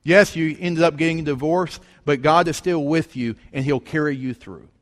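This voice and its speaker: A man's voice: a little high, moderate pace. A middle-aged man preaching a folksy, conversational storytelling sermon with rhetorical questions. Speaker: pastor. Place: church sanctuary. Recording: long church hall reverb.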